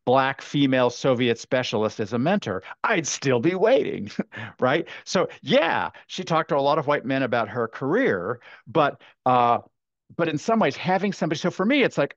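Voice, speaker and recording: Man presenting a webinar, lively swinging pitch, dry dull computer-mic sound. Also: moderate pace, no echo. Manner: animated, chatty, many fillers and restarts. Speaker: workshop presenter. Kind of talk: webinar lecture.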